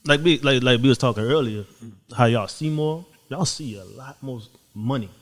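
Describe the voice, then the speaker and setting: A man with a New Orleans accent, a podcast guest talking in a loose, animated, slangy way with swearing. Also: mid-range voice, normal speed. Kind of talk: casual chat.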